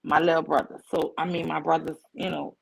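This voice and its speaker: A woman livestream host telling a personal story to her chat in a casual, animated way, acting out the voices in it. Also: sits low, brisk, vocal fry, breathy edge, low-quality recording. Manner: animated, acts out quoted voices.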